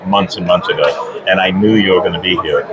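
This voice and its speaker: A man hosts a podcast in a folksy, chatty way and likes corny pirate jokes. His voice is on the low side. He is recorded outdoors with loud convention noise all around. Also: brisk. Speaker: podcast host. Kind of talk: casual interview chat. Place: outdoors at a busy fan convention.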